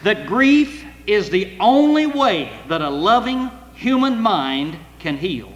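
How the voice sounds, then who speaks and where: A man's voice: high-pitched, very animated, takes it slowly, muffled recording. Older man preaching in an echoey hall. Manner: earnest, emotional, rising to loud cries on scripture. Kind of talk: sermon. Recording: echoey hall with long reverb.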